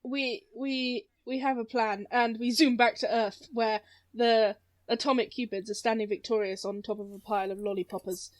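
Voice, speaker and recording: A woman with a high-pitched voice runs a tabletop game as its game master. She narrates casually, laughs often and now and then stops to search for a word. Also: fairly even intonation, normal speed.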